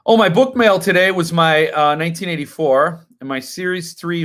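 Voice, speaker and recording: A rambling, chatty man in his fifties whose voice sits a little higher than most men's. He hosts a live stream and answers viewers one by one in a loose, conversational way. Every so often he works himself up into an indignant rant. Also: normal speed, hardly any pauses, fairly bright tone. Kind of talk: casual live-stream chat reading viewer comments.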